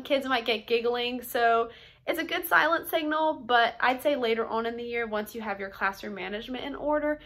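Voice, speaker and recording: A young woman preschool teacher explaining classroom routines to other teachers, upbeat and clear, now and then acting out the call-and-response chants she uses. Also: on the high side, a bit bright. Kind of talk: instructional talk to teachers.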